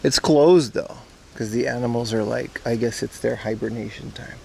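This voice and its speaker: A man's voice: mid-range voice, fairly even intonation, normal speed, vocal fry, darkish tone, slight background noise. A man from Aruba joking and swearing as he chats to viewers on a casual outdoor livestream. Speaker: streamer. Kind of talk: casual IRL livestream chat. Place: outdoors at a zoo park.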